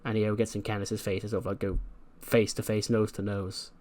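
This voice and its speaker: A man's voice: on the low side, flat delivery, a little fast, a little mellow. Male game commentator, casual chatty recap, lots of fillers. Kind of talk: casual narration of a wrestling sim run.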